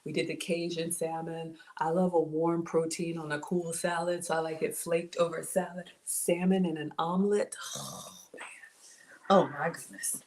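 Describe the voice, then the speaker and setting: A woman's voice: sits low, level tone, normal speed, darkish tone, slight background noise. A woman hosting a casual cooking livestream, chatty and bubbly, laughing often as she reads viewer comments aloud. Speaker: home cook livestream host.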